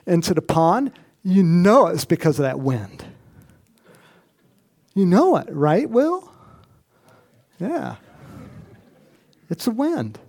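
Preaching in a relaxed, story-driven way, this pastor has a slightly high, gravelly, somewhat mellow voice. He voices Bible characters and keeps turning to chat directly with the congregation.

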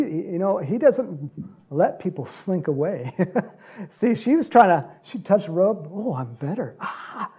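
A man preaching a sermon, retelling a gospel story with animated storytelling and acted-out lines. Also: high-pitched, gravelly, husky. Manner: animated storytelling, acts out quotes, laughs often.

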